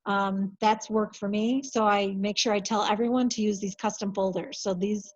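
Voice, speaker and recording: A woman working as a compliance coordinator, walking colleagues through software in a practical, lightly chatty way. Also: mid-range voice, fairly even intonation, normal speed, lo-fi sound. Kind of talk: software training over video call.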